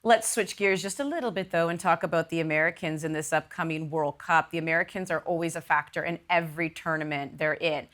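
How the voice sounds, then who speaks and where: A woman's voice: low voice, a little fast, few pauses, fairly bright tone. Upbeat woman sports show host. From Canada. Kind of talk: studio sports talk.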